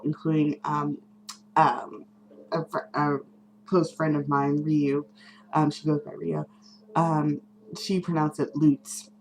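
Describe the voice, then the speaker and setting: A woman's voice: low voice, a little hiss or hum, low-quality recording. A woman vlogger chatting casually to camera, rambling with many ums and small laughs. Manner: rambling, many ums and self-corrections, giggly.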